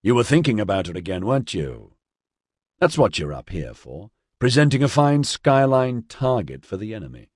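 A man's voice: fairly low pitch, very animated, normal speed, a little mellow, slightly rough, dry recording, studio quality, voice pushed up. A man voicing a brash young man who teases and mocks his friend in a storybook reading. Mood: teasing. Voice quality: mocking.

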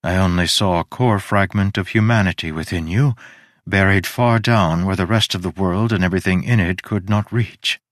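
A man voicing an ageless goddess, measured and faintly wry, in an audiobook reading. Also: low-pitched, no room sound, clean studio sound, natural voice. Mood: calm, frank. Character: ageless woman goddess, cool and frank.

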